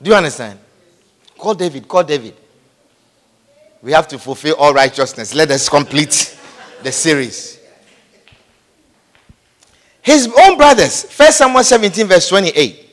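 High, lively-voiced preacher man in an echoey hall. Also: normal speed, pauses often. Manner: emphatic, repeats phrases, calls out amen. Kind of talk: sermon.

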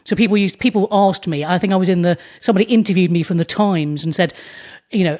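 A woman, a comedian, chatting as an interview guest, telling animated stories and slipping into put-on voices. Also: fairly low pitch, a little fast. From England. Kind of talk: casual interview chat.

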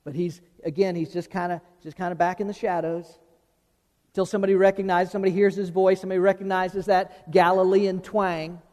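High-voiced male preacher in a hall. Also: flat delivery, fairly quick, darkish tone. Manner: folksy preaching with repeated restarts, acting out quoted voices. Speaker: pastor. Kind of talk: sermon. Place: church sanctuary. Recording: long reverb of a large hall.

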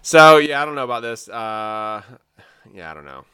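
A man with a bright, forceful voice, crisp and clear, riffs excitedly through a casual trailer chat. He is from the US South and jokes a lot, leaning on fillers. The sound is dry and close, with no room around him. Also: mid-range voice, moderate pace, no echo. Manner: excitable, joking, lots of fillers. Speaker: podcast co-host.

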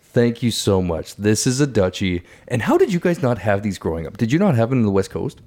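A man's voice: lowish voice, sing-song, brisk, dark tone. A man hosting a podcast, chatting casually and enthusiastically with friends. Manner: enthusiastic, rambling. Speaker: podcast host. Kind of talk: casual chat.

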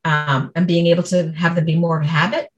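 A woman's voice: fairly low pitch, little pitch movement, fast, highs cut off. A woman who is a speech-language pathologist, patiently explaining her work in casual conversation.

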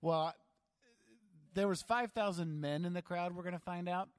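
A man preaching a sermon as pastor, conversational and animated, with asides and acted-out quotes. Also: sits high, normal speed. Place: church sanctuary. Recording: long hall reverb.

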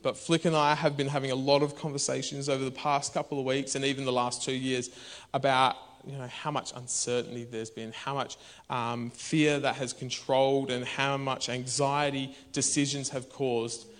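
A man's voice: mid-range voice, moderate pace. A man, preaching a conversational sermon in a church. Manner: conversational and animated, bursts into shouts. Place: church hall.

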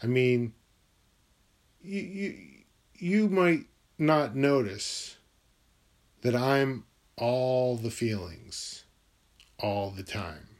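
A man's voice: mid-range voice, animated, extremely slow, long pauses, a little mellow. A man talking alone in his room in a rambling, musing monologue, swearing freely as he goes. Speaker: vlogger.

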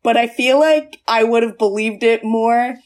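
A woman's voice: fairly high pitch, unhurried, a little mellow. A woman podcast host chatting casually about a movie, rambling with many fillers and restarts.

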